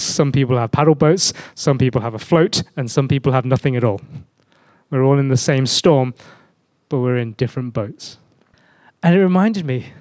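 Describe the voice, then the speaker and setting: A man preaches a sermon in a conversational tone and poses rhetorical questions. His voice sits fairly high. The sound is dry and close. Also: darkish tone, no echo.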